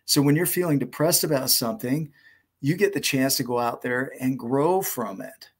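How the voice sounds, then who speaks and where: Calm, slightly husky man giving a talk. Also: medium pitch, normal speed. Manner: calm, reflective, repeats key phrases. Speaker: motivational speaker and storyteller. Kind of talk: motivational talk with told story.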